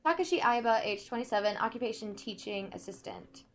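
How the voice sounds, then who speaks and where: A woman playing a video game, reading in-game notes aloud slowly and carefully, breaking off now and then to comment. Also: a little high, expressive. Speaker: let's play gamer.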